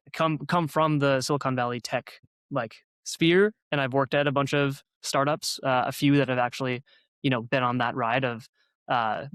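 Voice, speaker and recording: A man's voice: medium pitch, fairly bright tone, smooth, no echo. A man from North Dakota, a podcast guest who talks in loose, rambling sentences. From North Dakota, USA. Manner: rambling, many fillers and restarts. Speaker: guest, co-founder and software engineer. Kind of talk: casual podcast conversation.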